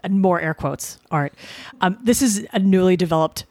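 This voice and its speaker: A woman's voice: on the low side, normal speed, a little mellow, no room sound. Dry sarcastic woman in her forties. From Boston suburbs, USA. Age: 40s. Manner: dry, sarcastic, rambling with self-corrections. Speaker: podcast co-host. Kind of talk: casual comedic podcast banter.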